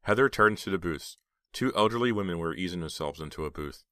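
A man narrating a horror novel as an audiobook in a steady, even storytelling manner. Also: sits low, a little fast, smooth, no room sound, studio quality.

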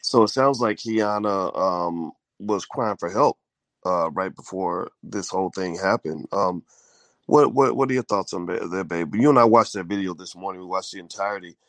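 Deep-voiced man, groggy morning host. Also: moderate pace, dry recording. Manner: rambling, many fillers and restarts. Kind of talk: casual live-stream chat.

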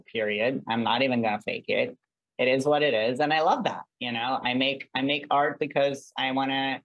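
An earnest guest speaker talking casually in an interview, drifting through thoughts with plenty of "like" and "um." The voice sits at a middle pitch and sounds dry and close, with no room around it. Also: dry recording, muffled recording. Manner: earnest, rambling, full of "like" and "um". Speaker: guest artist.

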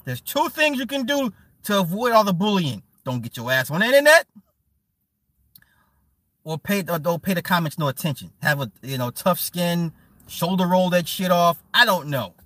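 A man hosts a casual livestream, laughing and mocking as he reads the chat. His voice is bright, forceful and pitched a little high. The mic is close and dry. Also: moderate pace, dry recording. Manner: animated, laughing, mocking, swearing. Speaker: livestream host reading chat.

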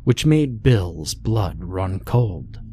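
A man narrating a horror story in a slow, measured storytelling manner. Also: low-pitched, sing-song, dark tone, a little hiss or hum.

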